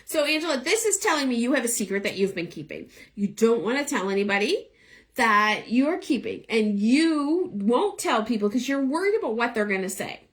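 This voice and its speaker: A young woman reading tarot cards for viewers in a live stream, her voice a little worn as if going hoarse. She speaks in a fairly high, very lively voice that swoops up and down. She is chatty and encouraging, and she talks into a phone held above her eye level. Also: normal speed. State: losing her voice. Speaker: tarot reader.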